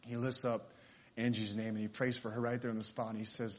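A man's voice: on the low side, flat delivery, a little fast. A man preaching, telling a story in a sermon and acting out the characters' lines.

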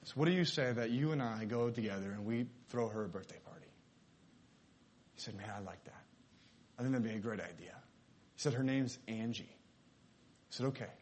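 A man's voice: mid-range voice, moderate pace, pauses often, a little mellow, a little hiss or hum. Man telling a sermon story. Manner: acts out the characters' lines in the story. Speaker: preacher.

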